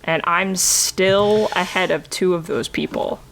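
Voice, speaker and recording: A woman's voice: on the low side, unhurried, creaky, a bit bright. A woman co-hosting a casual podcast, talking in a chatty, loose way with frequent fillers and laughs. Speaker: podcast co-host. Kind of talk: casual chat.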